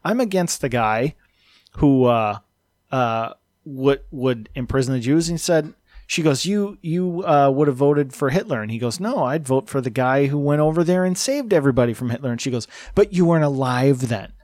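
A man with a mid-pitched voice talks through a debate in casual podcast chat. He is measured and analytical and quotes both sides in a level tone. The recording is dry and close. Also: dry recording. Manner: measured, analytical retelling, quoting dialogue in a flat tone. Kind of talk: casual chat recounting a video.

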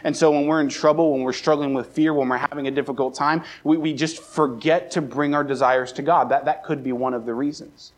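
A man's voice: fairly high pitch, a little fast, hardly any pauses. A young adult man from the Baltimore area preaching a sermon, telling a personal story and acting out the scenes with a raised voice. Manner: animated, acts out scenes with raised voice. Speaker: pastor. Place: church sanctuary.

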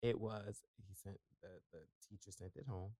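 A young man co-hosting a podcast, telling a funny story in a lively way, acting out voices and laughing often. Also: on the low side, normal speed, dry recording, clean studio sound. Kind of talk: animated storytelling.

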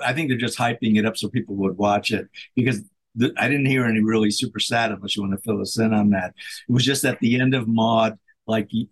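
Male co-host with a husky voice and a loose, rambling chat manner. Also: lowish voice. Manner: rambling, full of fillers like "like" and "you know". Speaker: podcast co-host. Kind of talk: casual interview chat.

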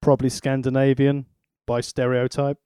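A man's voice: mid-range voice, completely flat delivery, normal speed, mellow, clear, resonant tone, no echo, studio quality. A man co-hosting a podcast, mocking wrestlers in a sardonic, swearing way. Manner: sardonic, mocking, laughs at own jokes. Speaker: podcast co-host. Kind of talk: casual wrestling chat.

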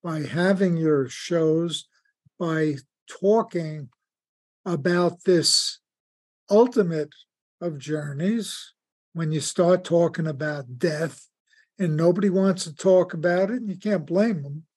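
A man hosting an interview, speaking in an earnest, measured, affirming way. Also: fairly high pitch, a little mellow. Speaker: podcast host. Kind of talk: conversational interview.

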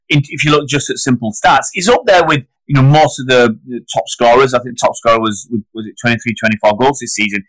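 A man's voice: dry recording, poor audio. Heated man in podcast chat. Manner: animated, argumentative, rising pitch when heated. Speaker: podcast co-host. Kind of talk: casual football podcast chat.

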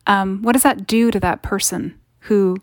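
A woman author talking through her work in an interview. She sounds reflective and thoughtful, and she becomes animated when she gets to the points she enjoys. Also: mid-range voice, moderate pace, no echo, clean studio sound. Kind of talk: interview conversation.

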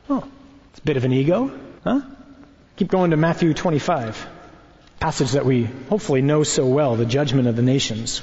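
A priest teaching in a conversational sermon, animated and wry, tossing out rhetorical questions. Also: male voice, on the high side. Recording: dull recording in a reverberant hall.

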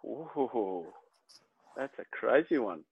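A man with an Australian accent, a surf coach, talking bluntly and telling animated stories in a casual chat. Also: mid-range voice, takes it slowly, husky, dry recording. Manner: blunt, animated storytelling with swearing. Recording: dry, phone-like narrow sound.

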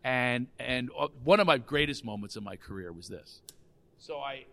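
A male comedian guest telling stories in casual chat, animated and laughing often. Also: mid-range voice, normal speed, no echo.

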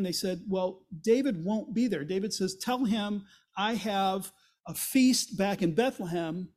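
A man's voice: sits high, a little mellow. A male pastor preaching a sermon, retelling a Bible story in a casual, conversational way and acting out the characters' lines. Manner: acts out quoted voices with rising intensity.

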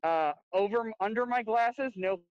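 A man's voice: high-pitched, unhurried, no echo. A man joining a podcast by phone while out walking on a city trail, joking about himself. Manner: joking, self-deprecating. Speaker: podcast guest. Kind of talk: casual chat. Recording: muffled phone call.

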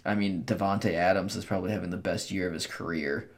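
A man's voice: deep voice, fairly even intonation, fast. A man co-hosting a casual sports podcast, giving offhand, rambling opinions with frequent restarts.

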